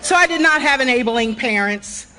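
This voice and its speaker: A woman from Ohio telling a humorous personal story to a live audience at a recovery gathering, animated and acting out voices with loud bursts. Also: high voice, normal speed, a faint crowd. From Ohio, USA. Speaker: recovery meeting speaker. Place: hotel conference hall, live audience.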